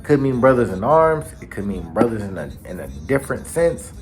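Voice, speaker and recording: A man hosting a casual recap in an animated, slangy storytelling manner. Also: mid-range voice, a little fast, soft background music. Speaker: anime channel host. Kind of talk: casual manga chapter recap.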